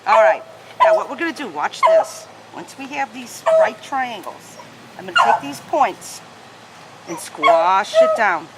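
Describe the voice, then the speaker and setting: This recording is very noisy, carrying a woman's high-sitting voice with huge pitch swings and an unhurried pace. She's an origami teacher at home, patiently taking each fold step by step and chatting to her dogs.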